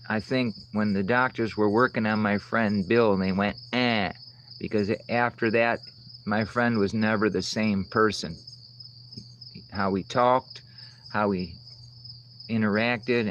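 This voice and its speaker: Still streaming outside with bugs around, he reads chat and answers it in a rambling, profane way. This time his pitch is fairly low and his tone steady, the pace a touch slow, and the poor audio carries slight background noise.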